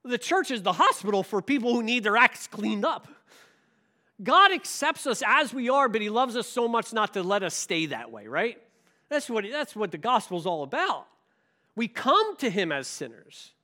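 Male pastor, sermon delivery, bright and lively, emphatic rhetorical style. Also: high voice, normal speed. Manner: emphatic preaching, rhetorical questions.

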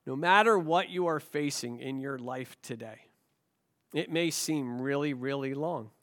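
Animated pastor preaching with a cold. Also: male voice, mid-range voice, unhurried. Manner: animated preaching with rhetorical questions and self-deprecating jokes. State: has a cold. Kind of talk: sermon.

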